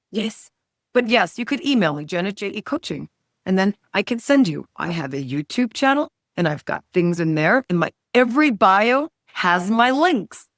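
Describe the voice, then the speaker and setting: A middle-aged woman, a health coach, speaking as a podcast guest with enthusiastic talk that swings up and down in pitch and loudness. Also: animated, unhurried, no echo, clean studio sound. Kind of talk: casual podcast interview.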